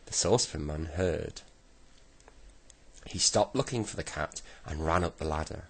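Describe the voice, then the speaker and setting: A man reading a children's storybook aloud slowly and gently. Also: a bass voice, vocal fry, slightly rough. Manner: slow, gentle storybook reading with voiced characters. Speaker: reader.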